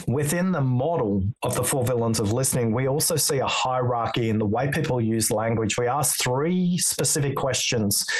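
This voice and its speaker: A man speaking as a guest on an interview show. He explains ideas in a measured, unhurried way, often with quoted exchanges. His pitch is in the middle range for a man. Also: poor audio. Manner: measured, explanatory, tells stories with quoted dialogue. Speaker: podcast guest, author on listening. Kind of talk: interview conversation.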